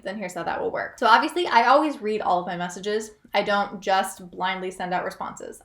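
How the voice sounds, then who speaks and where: A woman's voice: medium pitch, fairly bright tone. Young woman vlogger, chatty and upbeat, casual tips delivery, roomy echo. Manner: chatty, upbeat, self-aware asides. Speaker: freelance writer vlogger. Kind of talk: casual tutorial vlog.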